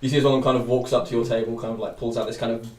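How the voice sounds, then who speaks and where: A man's voice: medium pitch, little pitch movement, very fast, a little mellow. A man narrating as game master for a tabletop game, rambling loosely with many fillers. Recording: echoey room, distant mic, faint noise.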